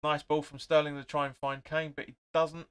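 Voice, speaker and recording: A young man with a smooth, slightly high voice and a slightly quick pace hosts a live football watch-along. He calls the play in short bursts, reads out viewer comments, and gets excited, swearing at his team.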